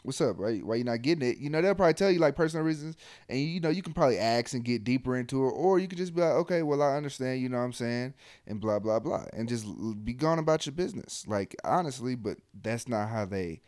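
A man's voice: mid-range voice, animated, fast talker, a little mellow, no echo. Laid-back soldier man, dry sound. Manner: loose, profane, trailing off into mumbles. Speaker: army soldier. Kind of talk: casual chat.

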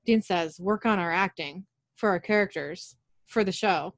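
With a lowish voice at normal speed, a woman hosting a podcast retells a TV episode in a lively, casual way, quoting the characters in her own voice. The audio is clean studio sound with no echo.

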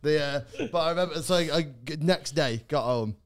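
A man's voice: on the high side, a little fast. A young man, a podcast co-host, telling a rambling story in casual chat, laughing and swearing, with many false starts.

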